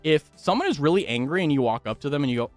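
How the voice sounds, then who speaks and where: Animated, laughing male streamer. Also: on the high side, very fast, no echo, faint music behind. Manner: animated, swears freely and laughs often. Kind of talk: casual chat with viewers.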